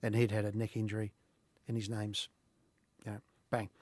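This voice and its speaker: A middle-aged Australian man, a podcast guest, telling animated anecdotes in casual talk and laughing often. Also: fairly low pitch, moderate pace, no room sound. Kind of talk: casual storytelling.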